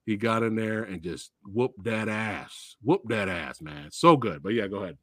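A man hosting a podcast, excitedly chatting about films, swearing often and acting out favorite movie lines. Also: fairly low pitch, moderate pace, no echo, clean studio sound. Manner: excitable, profane, acts out movie quotes. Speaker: podcast host. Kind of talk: casual movie chat.

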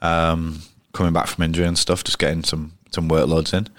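A man's voice: rumbling low, flat delivery, fairly quick, fairly bright tone, no room sound, clean studio sound. A man with a Yorkshire accent, a cricketer as interview guest, telling rambling, blunt stories full of restarts. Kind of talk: casual interview storytelling. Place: pub.

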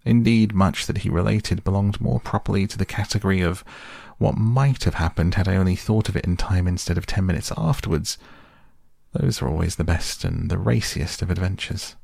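A man softly reading a classic children's book aloud as a bedtime story, calm and unhurried. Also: low voice, vocal fry, no echo, clean studio sound. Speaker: podcast host and reader. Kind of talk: soft bedtime audiobook reading.

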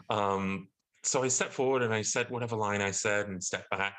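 A man with a British accent casually telling a story, animated and acting out the people he quotes, his pitch jumping up when outraged. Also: moderate pace, rough recording. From Britain.

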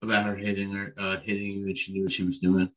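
Host, male, low voice, brisk delivery, casual interviewer. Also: completely flat delivery, poor audio. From Central New Jersey, US.

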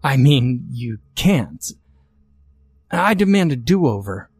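A man voicing a panicked, hot-tempered young demon boy who pleads and shouts. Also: mid-range voice, very animated, slow pace, breathy edge, dry recording, voice pushed up, heavily acted. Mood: frantic.

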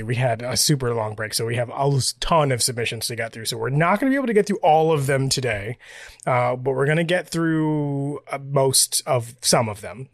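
Podcast co-host, male: mid-pitched, chatty and playful, with a dry, close sound. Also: no echo. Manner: playful, rambling, laughs easily. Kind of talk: casual podcast chat.

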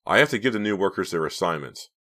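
A man's voice: deep voice, expressive, quick pace, bright, forceful tone, voice pushed up. A man voicing a stern middle-aged male store manager in an audiobook, speaking sharply and with disapproval.

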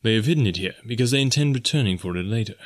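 A jungle-raised man thinking aloud, voiced by a man reading a story. His thoughts come hushed and musing in a low voice. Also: lively intonation, rapid-fire, no echo, clean studio sound, lightly acted.

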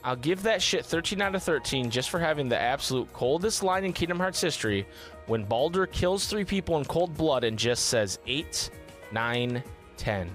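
Male co-host, casual podcast chat, animated delivery, faint music underneath. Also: on the high side, a little fast. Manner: lively, reads viewer comments aloud.

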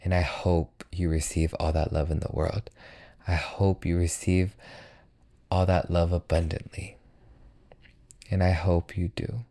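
Deep, slow, earnest young man. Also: level tone, dark tone. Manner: earnest and reassuring, repeats phrases for comfort. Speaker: podcast host. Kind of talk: motivational solo podcast.

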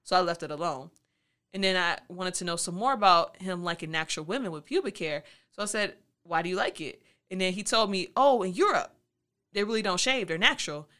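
A woman's voice: on the low side, very animated, brisk, sharp tone. A woman podcast host telling a candid personal story in a frank, playful, slangy way, acting out her own thoughts.

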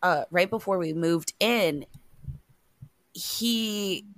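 A young woman with a somewhat low voice tells stories casually on a podcast video call. Her sound is dry and close, and she jokes and swears freely. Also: very slow, no room sound. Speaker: podcast co-host.

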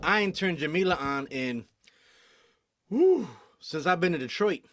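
A man's voice: fairly high pitch, lively intonation, a little slow, a crowd in the background. A man hosting a podcast, casual profane banter and frequent joking. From Michigan. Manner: profane, joking, laughs often. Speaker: podcast host.

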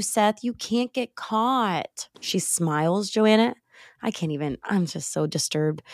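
A young woman hosts a podcast from home late at night and animatedly retells a gruesome movie plot. Her voice sits on the lower side, and the recording is dry and close, with no room sound. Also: no room sound. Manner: animated, expressive storytelling with sighs and laughs. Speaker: podcast host. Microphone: remote call recording.

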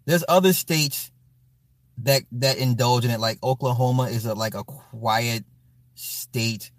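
A man's voice: mid-range voice, measured pace, dry recording. A man chatting casually on a live stream at home, reading out comments in a rambling, profane way with many restarts and apologies.

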